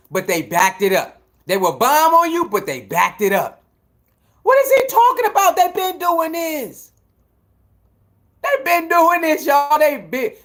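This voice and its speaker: High-pitched man ranting incredulously. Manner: heated, incredulous, swings between shouting and muttering. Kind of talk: animated ranting commentary.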